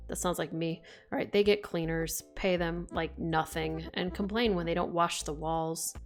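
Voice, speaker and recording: A young woman streaming a game live, reading the text aloud and chatting in an expressive, casual way that includes swearing. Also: lowish voice, measured pace, hardly any pauses, soft background music.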